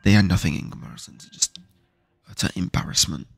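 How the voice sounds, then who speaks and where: A man's voice: deep voice, fast talker, creaky, no room sound. A young man from the UK ranting casually and swearing while playing a game, with frequent restarts. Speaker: gaming streamer. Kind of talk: casual rant while gaming.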